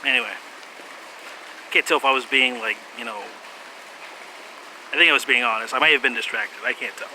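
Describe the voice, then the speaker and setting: A man's voice: mid-range voice, fairly quick, long pauses, pushed and bright, a little hiss or hum, poor audio. A man rambling through a casual monologue, laughing often, swearing, and trailing off into fillers and restarts.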